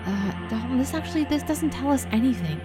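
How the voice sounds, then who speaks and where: A woman playing a tabletop role-playing game. She describes scenes in detail and reacts with lively exasperation. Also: high-pitched, fairly quick. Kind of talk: casual tabletop role-play narration. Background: music.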